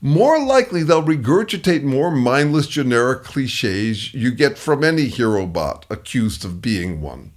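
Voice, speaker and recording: A man's voice: medium pitch, sing-song, unhurried, hardly any pauses. A middle-aged man giving scripted advice commentary, emphatic and acting out the replies he quotes. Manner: emphatic, acts out quoted replies in shifting voices. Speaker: consultant on dealing with difficult people.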